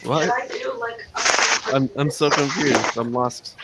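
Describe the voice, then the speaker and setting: A man's voice: medium pitch, steady tone, slow pace, very noisy. Man, casual livestream talk, easygoing, explanatory. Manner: easygoing, explanatory, laughs often.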